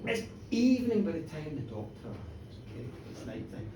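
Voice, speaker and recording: An animated storyteller performs comic horror stories live to an audience in a pub, teasing the crowd and acting out voices. The voice is medium-pitched and brisk. Recorded on a distant mic in an echoey pub room, the clip has background noise.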